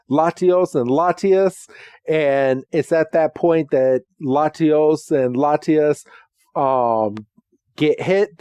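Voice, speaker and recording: A man's voice: fairly high pitch, mellow, clean tone, dry recording. A man hosting a podcast, recapping a cartoon episode in a casual, chatty way with plenty of ums. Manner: chatty, with frequent ums and quick acted quotes. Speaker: podcast host.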